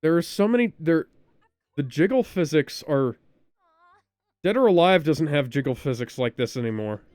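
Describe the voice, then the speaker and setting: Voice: mid-range voice, lively intonation, normal speed, a little mellow, clean tone, no echo. A podcast co-host giving casual reaction commentary on a film, ranting sardonically, with plenty of swearing and mock laughter.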